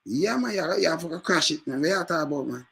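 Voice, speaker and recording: A man with a Jamaican accent in casual, emphatic street commentary. He repeats himself and bursts into loud outbursts. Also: fairly high pitch, animated, fast, vocal fry, husky.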